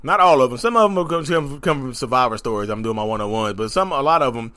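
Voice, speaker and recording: A man talking straight to his audience in an emphatic, rapid, repeating monologue about his own journey. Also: medium pitch. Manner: animated, emphatic, rapid, repetitive. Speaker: content creator talking about narcissism. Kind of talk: animated direct-to-camera monologue.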